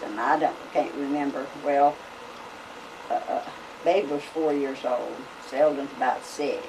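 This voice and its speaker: An older woman spins folksy family tales. She rambles, full of uhs and you-knows, in a lowish voice. The voice comes from a camcorder across the room, with a faint hiss behind it. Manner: folksy, rambling, with many fillers. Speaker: family storyteller. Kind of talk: casual storytelling. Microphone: camcorder microphone. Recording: home video camera from a distance, faint hiss.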